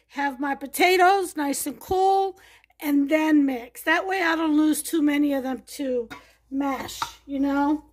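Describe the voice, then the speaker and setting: A woman with a Brooklyn accent hosting a home cooking show, chatting warmly to viewers as she demonstrates a recipe. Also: high-pitched. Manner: chatty, enthusiastic, talks to viewers. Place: home kitchen.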